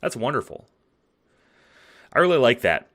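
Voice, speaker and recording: A man's voice: mid-range voice, sing-song, normal speed, fairly bright tone. A man talking through a spoken essay late at night, tired and yawning, conversational and profane with lots of fillers and "right?". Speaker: video essayist.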